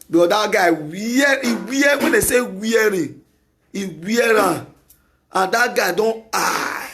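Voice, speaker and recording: A Nigerian-accented man hosts a talk show with an opinionated solo monologue. His voice sits high for a man, and he hammers his points through repetition, at times breaking into shouts. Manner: emphatic and repetitive, with bursts of shouting.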